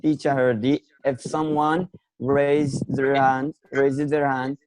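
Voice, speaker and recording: A man's voice: mid-range voice, level tone, slow, darkish tone, dry recording, low-quality recording. Encouraging male teacher online. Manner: encouraging, repeats words while searching for them. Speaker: English teacher hosting an online class. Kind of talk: online lesson.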